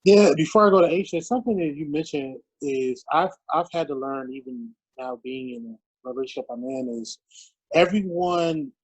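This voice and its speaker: A man's voice: a little high, husky, low-quality recording. A man hosting a casual podcast discussion, conversational and steering the talk. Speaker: podcast host.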